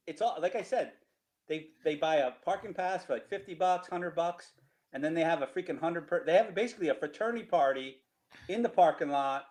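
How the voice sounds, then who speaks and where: Middle-aged man with a New Jersey accent, lively cranky storyteller, voice slightly high for a man. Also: poor audio. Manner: animated, laughing, repeats himself, rhetorical "right?". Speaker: storyteller guest. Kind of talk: casual storytelling over slides.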